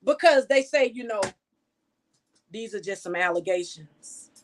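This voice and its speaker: A woman's voice: medium pitch, animated, unhurried. A woman journalist giving outspoken, scolding news commentary full of rhetorical questions.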